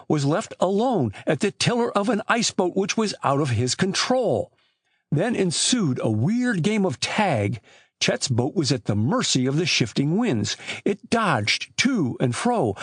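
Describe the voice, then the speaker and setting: Male audiobook narrator, expressive and animated, slightly higher voice, dry close recording. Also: measured pace, husky, no room sound. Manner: animated reading with lively shifts for characters. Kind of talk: scripted narration.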